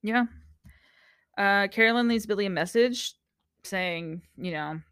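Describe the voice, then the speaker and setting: A woman's voice: medium pitch, unhurried, long pauses, smooth, no echo. A young woman talks through a TV episode in easy podcast chat. She acts out the people she quotes and laughs a lot, close on a dry mic. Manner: animated storyteller, acts out quotes, laughs often. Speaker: podcast co-host. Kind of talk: casual chat recapping a TV show.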